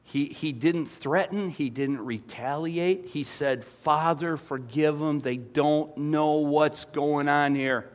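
Animated man preaching a sermon. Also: fairly high pitch, slow pace, hardly any pauses. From former dairy farmer. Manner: animated storytelling, swings from soft to loud. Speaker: pastor.

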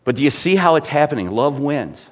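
A man's voice: a little high, sing-song, brisk. A middle-aged man preaching a sermon with rising fervor and asking the congregation rhetorical questions. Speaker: pastor.

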